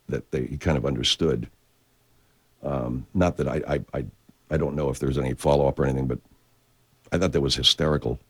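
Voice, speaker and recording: A man hosting a show, chatting casually in a profane, digressive way with many restarts. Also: extremely low pitch. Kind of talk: casual rambling chat. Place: California.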